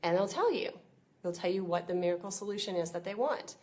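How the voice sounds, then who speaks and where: A woman's voice: medium pitch, expressive, fast talker, a little mellow. Chatty woman coaching on business. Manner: chatty, many fillers like "you know". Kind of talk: live-streamed business training talk. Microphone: computer or webcam mic.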